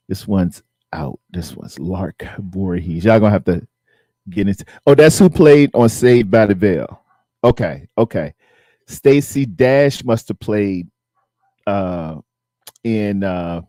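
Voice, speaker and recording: A man's voice: on the low side, dark tone, no room sound. A middle-aged man, hosting a casual live stream and rambling as he chats with his viewers. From Virginia.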